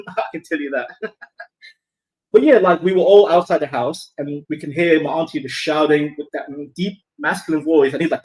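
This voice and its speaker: Young man, from Somalia, casual storytelling, animated, swearing, slightly high voice. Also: normal speed, poor audio. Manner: animated, swearing, repeats and restarts.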